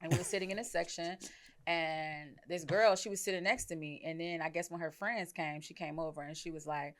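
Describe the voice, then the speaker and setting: A woman's voice: sits low, steady tone, fairly quick. A young woman hosting a podcast, talking frankly and measuredly, thinking aloud in casual chat. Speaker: podcast host.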